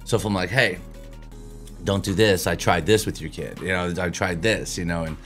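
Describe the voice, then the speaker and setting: A man in his thirties chats casually on a podcast, blunt and full of swearing. His voice sits low. Faint music plays behind him. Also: moderate pace. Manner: blunt, profane, animated storytelling. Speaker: podcast co-host.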